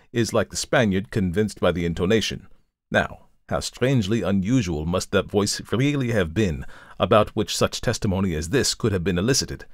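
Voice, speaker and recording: Male reader doing a calm, methodical detective who lectures in formal tones, low-pitched, dry close sound, storybook reading. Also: no echo. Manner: measured, formal and explanatory. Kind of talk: audiobook reading of a classic story.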